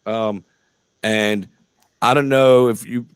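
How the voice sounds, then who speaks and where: A man's voice: lowish voice, fairly even intonation, slow pace, clean tone, no echo. A middle-aged man hosting a casual interview show over a video call, talking in long rambling stretches full of fillers and swearing. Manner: rambling, profane, lots of fillers.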